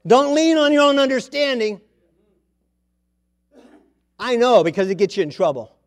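A middle-aged man preaching a sermon, with sudden loud bursts, soft drops, and scripture read slowly aloud. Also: very high voice, sing-song.

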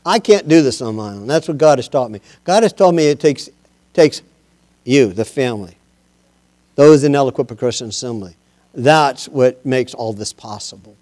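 A man preaching as pastor of his church, moving from low conversational talk to loud, impassioned exhortation. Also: lively intonation, moderate pace. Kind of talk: sermon.

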